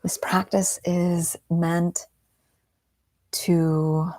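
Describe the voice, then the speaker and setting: A woman meditation teacher guiding a session in a gentle, soothing voice, often half-whispered, and speaking in a heartfelt, earnest way. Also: lowish voice, level tone, drawn-out words, no room sound. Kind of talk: guided meditation and reflection.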